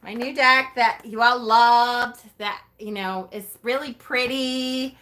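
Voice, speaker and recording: A woman vlogger telling a story about her day in a casual, animated way, laughing often and acting out her own reactions. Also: on the high side, slow.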